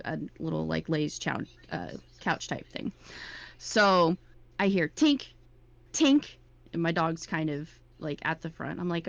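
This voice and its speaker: A woman telling a story in casual chat, chatty and animated. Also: low voice, creaky. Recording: dull lo-fi recording.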